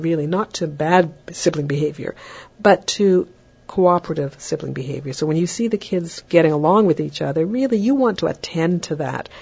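A woman giving a recorded parenting lecture in a chatty way, breaking into a lilting higher voice when she acts out what a parent might say. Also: creaky, darkish tone, slightly rough. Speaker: parenting educator. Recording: dull lo-fi recording.

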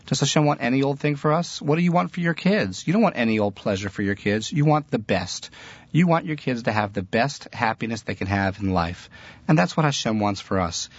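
A man's voice: mid-range voice, breathy edge, no echo. A middle-aged man giving a Jewish religious talk as a teacher, earnest and storytelling, with laughter slipping into his words. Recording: dull, lo-fi, dry recording.

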